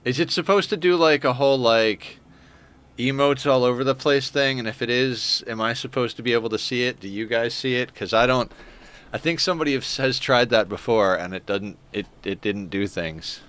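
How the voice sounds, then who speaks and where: A man's voice: medium pitch, moderate pace, a bit bright, smooth. Flustered, rambling man streaming a game. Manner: rambling, flustered, self-deprecating. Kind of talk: casual live-stream chat while playing.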